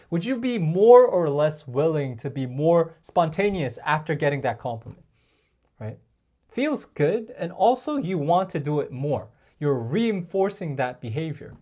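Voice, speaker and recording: A man coaching male viewers on dating in a casual, chatty talk to camera, often calling them guys and filling pauses with like and um. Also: a little high, big pitch swings, dark tone. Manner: chatty, addresses viewers as guys, frequent fillers.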